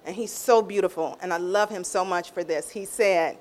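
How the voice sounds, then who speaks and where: Here a middle-aged woman, a guest giving a personal testimony, describes her faith with emotion and a moderate pace. She acts out quoted voices using big pitch swings, and her informal speech often circles back to repeat or restart phrases.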